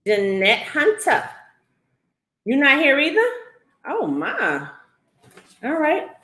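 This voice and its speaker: A woman's voice: high voice, huge pitch swings, slow pace, bright, forceful tone, echoey room. A woman hosting a live online giveaway in a playful, goofy way, calling out names again and again. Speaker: host. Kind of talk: live-stream giveaway, casual chat.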